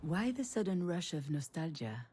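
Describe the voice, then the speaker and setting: An actress playing a guarded adult daughter with a dry manner in a narrative game. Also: female voice, on the low side, very animated, moderate pace, mellow, a little hiss or hum.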